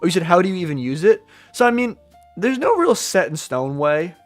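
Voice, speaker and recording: This livestream day trader is a young man whose voice sits high and sounds very animated. He reads out viewer comments in relaxed, jokey slang, laughing quickly at what chat says, with faint music in the background.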